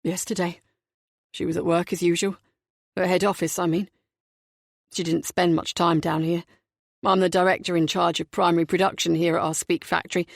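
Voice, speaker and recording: A woman's voice: fairly low pitch, level tone, vocal fry, no room sound, voice pushed down. A woman voicing a nervous, flustered young male company director who keeps apologizing, in a dry close audiobook recording. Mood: harried. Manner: apologetic, shaken and hurried.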